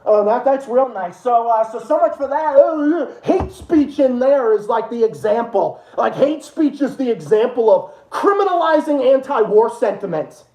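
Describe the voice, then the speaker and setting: A man's voice: extremely high pitch, expressive, moderate pace, few pauses, dark tone. A man hosting a livestream, ranting with heated, profane political commentary. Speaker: livestream host. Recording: roomy echo.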